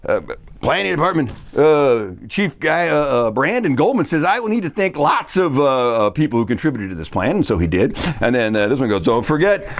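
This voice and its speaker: A man's voice: medium pitch, sing-song, fairly quick. A man sarcastically recapping a city council meeting in a casual monologue, mimicking the speakers as he quotes them.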